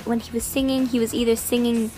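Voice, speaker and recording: A young woman with a slightly high voice tells a rambling, gushing story straight to camera. She piles on fillers and acts out her own reactions. Faint music runs underneath. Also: flat delivery, fast talker, warm tone. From Canada. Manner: gushing, filler-heavy, quoting herself. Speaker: vlogger.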